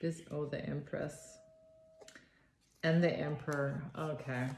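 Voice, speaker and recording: A woman with a low voice reads tarot cards slowly, sounding awed and halting, breaking off into sighs and restarting her sentences. The recording has a roomy echo with a faint hiss of noise behind her. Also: steady tone, vocal fry, darkish tone. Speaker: tarot reader. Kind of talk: spontaneous tarot reading.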